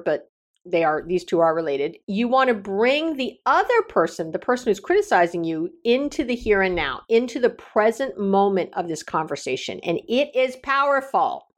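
Animated woman with lively pitch. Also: moderate pace. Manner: animated storytelling, acts out quoted dialogue. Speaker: relationship coach and consultant. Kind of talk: podcast advice talk.

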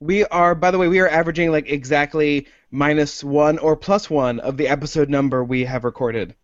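A man co-hosting a casual home podcast, a touch higher than most men. He rambles through his points with self-deprecating jokes. The recording is dry and a little dull. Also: fairly even intonation, a little fast, no echo. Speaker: podcast co-host.

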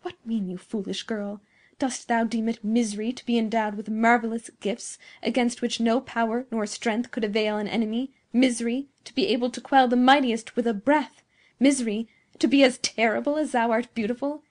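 A woman voicing a proud, scheming old male scientist in a storybook reading, declaiming loudly and grandly. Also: on the high side, level tone, normal speed, close to an everyday voice. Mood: scornful.

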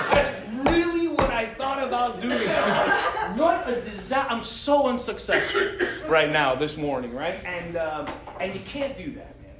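A man telling a comic story, animated and laughing as he goes, with plenty of slang. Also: on the high side, heavy background noise. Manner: animated, laughing through his lines, slangy with lots of "bro". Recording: roomy sound with loud audience laughter.

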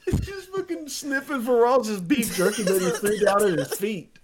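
A podcast co-host with a high voice tells a story at normal speed with few pauses, laughing through it in casual, profane chat. A crowd can be heard in the background.

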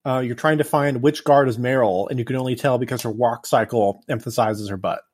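A man co-hosting a podcast in casual chat, halting and playful, often restarting his sentences. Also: medium pitch, steady tone. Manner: halting, self-correcting, playful. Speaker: podcast co-host.

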